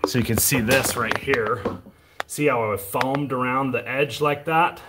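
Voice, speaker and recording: A man's voice: medium pitch, steady tone, unhurried, very noisy. A man out of breath, casually explaining his work as he goes, chatty and rambling. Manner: chatty, rambling, jokey asides. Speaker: DIY vlogger. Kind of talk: casual how-to narration while working. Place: unfinished shed, indoors.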